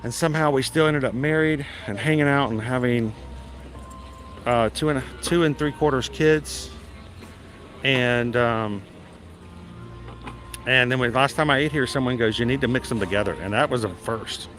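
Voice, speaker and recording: A man's voice: medium pitch, moderate pace, long pauses, a bit bright. A man in his thirties hosting a casual live vlog outdoors at a theme park, chatty and jokey, rambling along as he goes. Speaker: livestream host.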